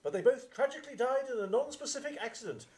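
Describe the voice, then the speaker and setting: A man acting a deadpan male assistant with a convoluted backstory in a live stage comedy sketch. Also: extremely high pitch, fast. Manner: deadpan, matter-of-fact replies.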